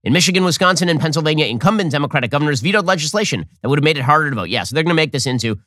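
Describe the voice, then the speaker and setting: A man delivers political commentary at a rapid clip, his voice pitched a little above the usual male range. He reads out news quotes and answers them with biting sarcasm. The sound is close and dry, with no room echo. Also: lively intonation, pushed and bright.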